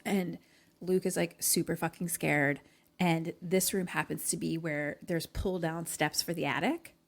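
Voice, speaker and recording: Young woman, lower-pitched, chatty podcast co-host, retells plots with filler words and acted-out quotes. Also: steady tone, measured pace. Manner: chatty, many "like"s, acts out lines from the film. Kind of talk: casual chat, retelling a movie plot.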